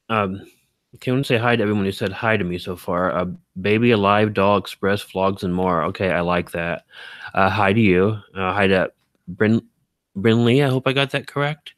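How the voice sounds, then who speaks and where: A man's voice: low voice, fairly bright tone, no room sound. A man chatting casually on a live stream, reading out viewer comments, rambling with lots of fillers and self-corrections and poking fun at himself.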